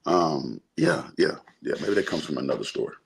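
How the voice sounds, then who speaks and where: Very deep-voiced man, husky. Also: expressive. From Birmingham, Alabama, US. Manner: explains slowly, often checks in with "right?". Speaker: podcast co-host discussing the Bible. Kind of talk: casual chat.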